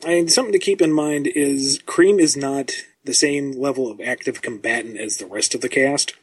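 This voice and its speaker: A man who writes comics, talking as a podcast guest in a measured, self-deprecating way with frequent ums. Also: mid-range voice, slightly rough. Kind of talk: casual podcast chat.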